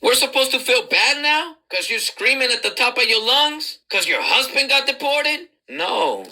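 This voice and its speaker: A woman commentator delivering a scornful, mocking monologue with drawn-out phrasing. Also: high voice, big pitch swings, bright, forceful tone, poor audio.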